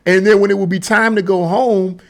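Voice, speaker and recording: A man's voice: sits high, fairly even intonation, fairly quick. A man giving casual, rambling opinion commentary on a vlog, chatty and often chuckling. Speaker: political commentary vlogger.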